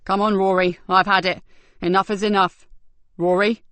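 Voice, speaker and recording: A woman's voice: medium pitch, little pitch movement, normal speed, a bit bright, clean tone, dry recording, close to an everyday voice. A woman voicing a bulky, grumbling male police officer in a crime audiobook, exasperated and complaining.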